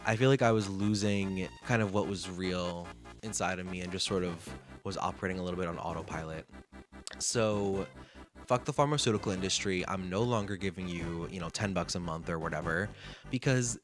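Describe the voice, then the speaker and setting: A man with a fairly low voice tells stories vlog-style, chatty and animated, slipping in sassy slang and playing out little bits of dialogue. Guitar music plays clearly underneath the whole time. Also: fairly quick. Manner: chatty, animated, reenacts conversations. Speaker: vlogger. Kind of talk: casual storytelling monologue.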